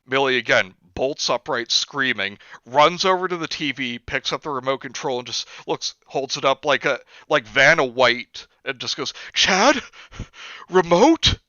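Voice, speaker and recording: A man tells stories on a stream in a casual, animated way. His voice is bright and crisp, and the sound is dry and a bit dull. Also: medium pitch, moderate pace, few pauses, dry recording. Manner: animated storyteller, acts out quotes. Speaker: streamer host. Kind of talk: casual storytelling chat.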